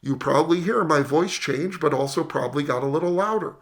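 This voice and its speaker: A man teaching how sound is amplified in an explainer lesson, animated and self-mocking, demonstrating with sound effects and dad jokes. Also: a little high, fairly quick. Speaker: tech educator.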